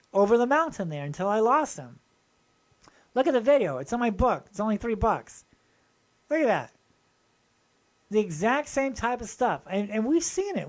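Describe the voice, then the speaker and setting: Excited rambling man showing finds. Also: very high-pitched. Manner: excited, rambling, addresses viewers directly. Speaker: channel host. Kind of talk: casual show-and-tell video.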